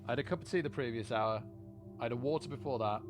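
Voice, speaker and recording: A man's voice: mid-range voice, fast, over music. A man chatting casually to viewers on a live poker stream. He rambles and often repeats words as he starts a sentence. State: lightheaded.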